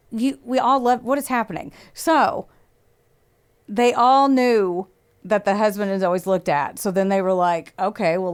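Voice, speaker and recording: A woman with a clean, medium-pitched voice hosts a podcast, narrating a true-crime case in a relaxed, talkative style. She swears freely, acts out what people said, and laughs often.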